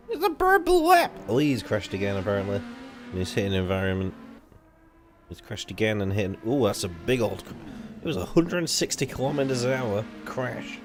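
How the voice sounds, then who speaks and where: A young man commentating an online racing league live, rambling and casual, swearing freely and jumping up when the action heats up. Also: a little fast. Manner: excitable, rambling, swears casually, jumps to high excited pitch.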